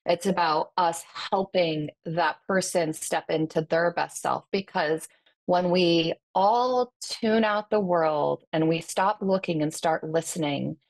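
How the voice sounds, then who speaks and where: A woman coach talking on a podcast in an earnest, effusive way, full of uplifting phrases. Her voice sits low for a woman. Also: slow pace. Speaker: podcast guest and wellness coach. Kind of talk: casual podcast chat.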